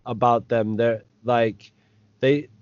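A man co-hosting a podcast, speaking haltingly as he searches for his words. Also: mid-range voice, steady tone, no room sound, lo-fi sound. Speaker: podcast co-host. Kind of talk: casual discussion.

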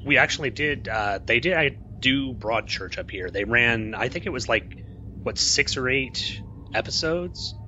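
A man's voice: mid-range voice, lively intonation, unhurried, pushed and bright. A man from Kansas raised in Oklahoma, co-hosting a podcast in rambling casual chat. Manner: rambling, self-correcting. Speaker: podcast co-host. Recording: dull lo-fi audio with faint hiss.

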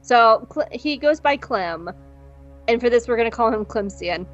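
On the high side and expressive, a podcast co-host talks at a moderate pace. She meanders and cracks jokes through a casual recap, swearing a lot, in a dull lo-fi recording where faint music plays.

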